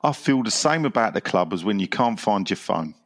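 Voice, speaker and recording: Deep-voiced man with dry wit. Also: animated, a little fast. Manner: dry and wry, laughs at his own jokes. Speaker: podcast host reading listener messages. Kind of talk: casual football podcast chat.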